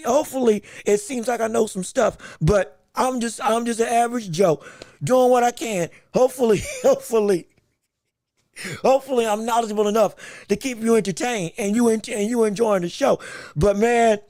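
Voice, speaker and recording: Excitable man with a gravelly voice. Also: extremely high pitch, no echo. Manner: excitable and animated, repeats words, laughs often. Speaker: boxing podcast host. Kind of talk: casual live-stream chat.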